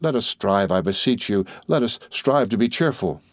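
Guy reading a proud broke young nobleman, formal and measured, lowish voice, storybook. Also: animated, no echo, lightly acted. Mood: reassuring.

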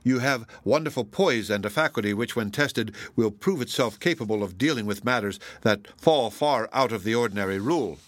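A man voicing a stern, earnest young artist in an audiobook, grave and measured. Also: lowish voice, no echo, natural voice. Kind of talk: audiobook reading.

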